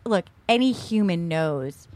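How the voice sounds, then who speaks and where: A woman hosting a podcast in casual chat, animated and quick to laugh. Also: on the low side, no room sound. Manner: animated, laughing, shrieks catchphrases. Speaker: podcast host.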